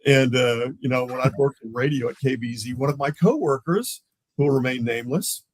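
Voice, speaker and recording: In a rough recording with no echo, a man of medium pitch talks a little fast. He's a police lieutenant swapping stories in a relaxed podcast interview, animatedly doing the voices of everyone in them.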